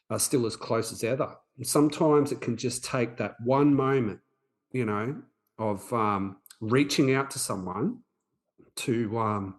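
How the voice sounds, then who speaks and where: Earnest man telling a story. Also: lowish voice. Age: 40s. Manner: earnest, halting, with frequent restarts. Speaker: podcast host. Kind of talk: personal storytelling.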